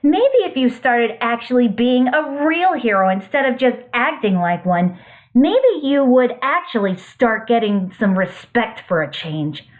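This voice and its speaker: A woman's voice: fairly high pitch, animated, a little slow. A woman voicing a blunt, sarcastic young heroine. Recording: tinny phone-like audio.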